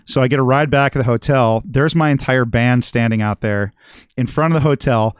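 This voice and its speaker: A man's voice: medium pitch, fairly quick, smooth, no echo, studio quality. A middle-aged man telling a long story on a podcast, rambling and swearing constantly. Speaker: guest musician and regular.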